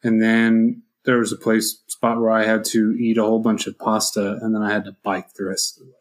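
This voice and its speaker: A man's voice: fairly low pitch, monotone, brisk. A man co-hosting a movie podcast in casual chat, ranting in mock exasperation and swearing freely. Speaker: podcast co-host.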